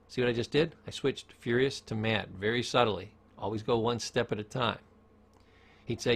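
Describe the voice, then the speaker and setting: A man's voice: mid-range voice, normal speed. A middle-aged man, a former therapist, giving a casual, emphatic self-help lecture and acting out quotes. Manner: conversational, emphatic, acts out quotes.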